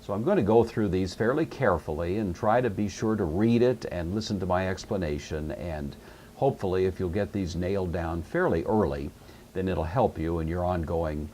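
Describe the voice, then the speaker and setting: A middle-aged man teaching Greek grammar in a recorded lecture, explaining patiently step by step and repeating key words slowly. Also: sits low, mellow, slight background noise.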